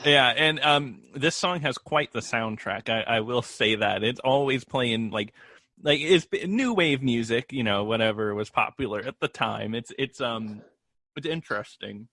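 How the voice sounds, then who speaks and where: Bright, dry-sounding chatty man. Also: medium pitch, normal speed, no echo. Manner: laughs easily, chatty. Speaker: podcast co-host. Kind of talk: casual movie review chat.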